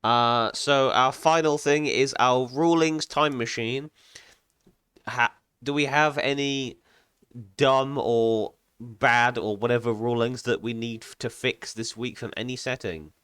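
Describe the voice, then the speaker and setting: A man hosting a casual podcast, easygoing and quick to agree with his co-host. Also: mid-range voice, steady tone, a bit bright, clear, resonant tone, no echo. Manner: easygoing, brief agreeing replies. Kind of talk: casual chat.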